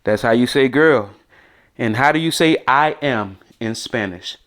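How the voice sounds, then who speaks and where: There's an unhurried feel to this American man's mid-range, somewhat bright voice as he casually teaches basic Spanish words on his podcast. He muses aloud and repeats each word so the audience can say it back.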